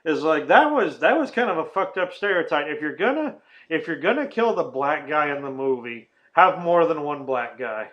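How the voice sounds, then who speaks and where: A man's voice: on the high side, sing-song, moderate pace, fairly bright tone, rough recording. A man hosting a casual movie-review podcast, rambling and swearing, often laughing and acting out silly quotes. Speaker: podcast host.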